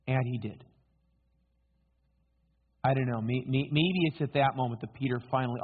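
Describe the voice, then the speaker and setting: A man's voice: medium pitch, steady tone, moderate pace, long pauses, breathy edge. A male preacher giving a sermon, telling the story dramatically and posing rhetorical questions to his listeners. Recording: tinny phone-like sound.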